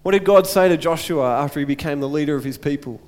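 A man's voice: a little high, quick pace, darkish tone, in a large hall. A man preaching a sermon as pastor, earnest, repeating phrases and asking rhetorical questions.

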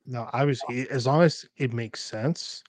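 A man's voice: mid-range voice, a little slow, no room sound. Man, podcast co-host, rambling casual talk, dry recording. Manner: loose, rambling, lots of fillers. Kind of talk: casual chat.

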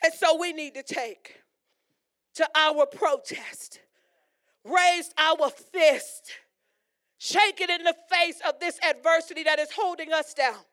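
A woman preaching a sermon with emphatic delivery, repeating rhetorical questions and rising into shouts. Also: sits high, slow.

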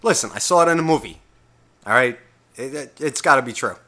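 A man ranting alone into a podcast mic, swearing freely and doubling back on himself as he talks. His voice sits at an ordinary middle pitch. The talk is loose and unscripted, full of restarts and asides. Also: lively intonation, a little fast, sharp tone. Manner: profane, rambling, self-interrupting. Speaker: podcast host. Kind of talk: casual solo podcast rant.

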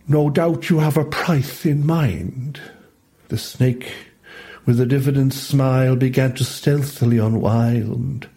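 A man's voice: mid-range voice, warm tone. A man with an Irish accent, a poet and priest, reading his comic verse with a playful, rhythmic delivery. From Ireland.

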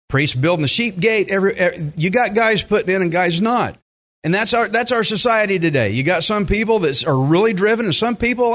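A pastor, preaching in a conversational style with joking asides. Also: male voice, high voice, lively intonation, brisk, fairly bright tone. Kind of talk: sermon.

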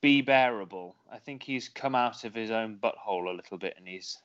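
A man's voice: on the low side, fairly quick. A man co-hosting a casual podcast, rambling and hesitant, often giggling. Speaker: podcast co-host. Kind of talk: casual chat. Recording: dull lo-fi sound.

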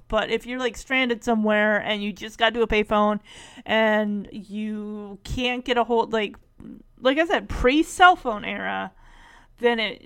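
A woman with a slightly high voice talks through a sitcom episode in a loose, chatty way. She wanders into side stories and corrects herself as she goes. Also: fairly bright tone. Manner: rambling, self-correcting, many asides. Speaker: show recap host. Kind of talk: casual episode recap.

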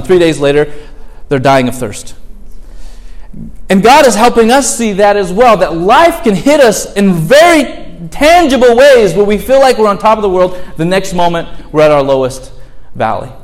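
A man preaching a sermon as pastor, earnest, asking the congregation rhetorical questions and acting out complaining prayers. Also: high voice.

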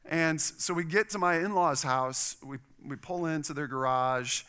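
This middle-aged pastor takes an unhurried pace, his smooth voice pitched fairly high. He preaches through a personal story with animation, giving voice to each person in it.

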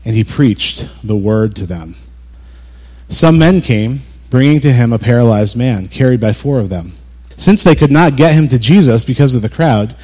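A man's voice: medium pitch, animated, a little fast, darkish tone. A man giving a casual Bible teaching, reading scripture and explaining it in a chatty, chuckling way, acting out quoted voices. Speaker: preacher.

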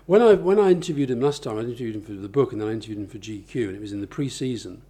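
In a conversational interview about his book, an author explains his ideas thoughtfully with examples, restarting often. His medium-pitched voice is animated, very fast, mellow, and slightly rough.

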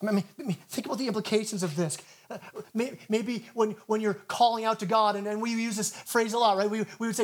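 Pastor, male, light high voice, earnest sermon delivery, stammers into phrases. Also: quick pace. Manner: earnest, stammers and repeats words at the start of phrases. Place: church.

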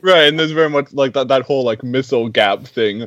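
A man's voice: medium pitch, fairly quick, fairly bright tone, no room sound, lo-fi sound. A man talking casually about a film, full of "like" fillers and incredulous asides. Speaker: film podcast co-host.

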